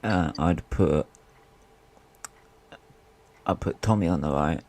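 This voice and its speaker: A man's voice: sits low, takes it slowly, darkish tone. A man hosting a live football stream, chatting casually and winding up his co-hosts with playful teasing. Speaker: stream host. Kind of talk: casual football fan banter.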